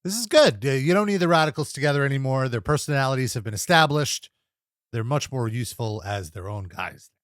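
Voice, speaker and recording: A young man co-hosts a casual wrestling review podcast, recapping episodes in a lively way, laughing often and doing playful impressions of wrestlers and announcers. His voice is medium-pitched and brisk. The recording is studio quality, with no room sound.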